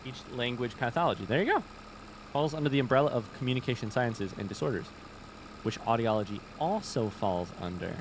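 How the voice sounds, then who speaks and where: Young man, Indiana accent, relaxed streamer thinking out loud at his desk mic, faint hum behind. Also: mid-range voice, fairly quick. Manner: thinks aloud, reads chat, chatty and easygoing. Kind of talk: casual live-stream chat while gaming.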